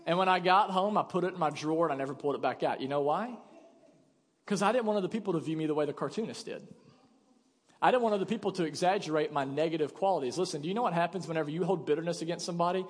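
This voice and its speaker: A man's voice: fairly high pitch, very fast. A young man preaching a sermon as a pastor, talking conversationally and acting out quoted voices. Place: church sanctuary. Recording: long church reverb.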